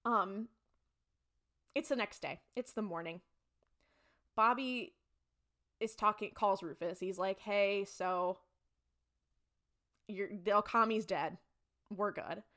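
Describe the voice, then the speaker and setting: A young woman co-hosts a casual podcast, her voice sitting in a middle range. She retells an episode with lively storytelling, jumping between the characters' quoted lines. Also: medium pitch, slow pace, long pauses. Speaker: podcast co-host. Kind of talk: casual chat recapping a TV episode.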